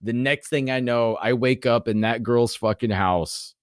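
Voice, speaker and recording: A man in his forties guests on a podcast, casually telling rambling, profane stories with animated retellings. His medium-pitched voice is clear and resonant and moves unhurriedly, recorded in studio quality with no room sound.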